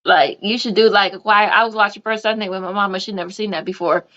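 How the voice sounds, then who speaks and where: A woman's voice: mid-range voice, fairly even intonation, quick pace, pushed and bright, lo-fi sound. A woman hosting a casual live podcast, telling a long story in a rambling way with many fillers. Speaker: podcast host.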